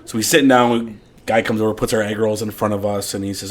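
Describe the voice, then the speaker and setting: A man's voice: lowish voice, steady tone, quick pace. A man, a podcast guest, telling a rambling, profane story in casual chat. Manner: rambling, profane, laughs through stories.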